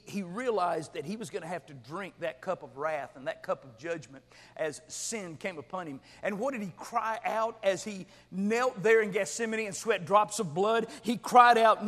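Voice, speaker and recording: A man preaching a sermon as a pastor, swinging from quiet intensity to shouting. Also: high-pitched. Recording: long hall reverb.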